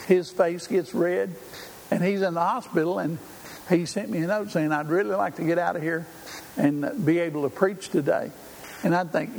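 A man's voice: high voice, vocal fry, darkish tone. An older man preaching a sermon in a folksy, conversational way, with frequent fillers. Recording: hall reverb, faint room noise.

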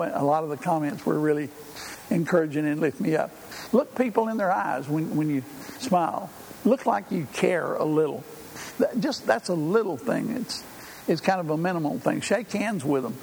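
A man's voice: fairly high pitch, lively intonation, normal speed, vocal fry, a little mellow. An older man preaching a sermon in a folksy, conversational way, with frequent fillers. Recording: hall reverb, faint room noise.

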